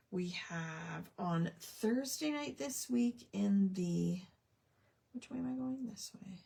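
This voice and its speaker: A woman's voice: fairly low pitch, gravelly, a little mellow, slightly rough. A woman hosting a casual livestream crafting chat, talking with friends and muttering to herself as she works. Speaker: craft show host.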